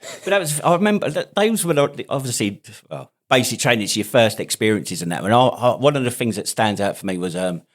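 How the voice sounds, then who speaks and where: A man's voice: medium pitch, expressive, a little fast. Chatty man in his forties. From United Kingdom. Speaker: podcast host, army veteran. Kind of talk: casual chat.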